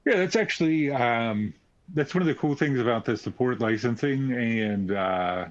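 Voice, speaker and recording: A man's voice: medium pitch, normal speed. A man answering technical questions on a webinar, explaining at length with frequent fillers. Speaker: technical expert guest. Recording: dry muffled webcast audio.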